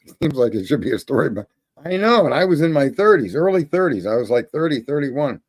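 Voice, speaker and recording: A man's voice: mid-range voice, brisk, slightly rough. A middle-aged man telling a story in a casual monologue, swearing freely and laughing often. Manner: profane, animated, laughing often. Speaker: host.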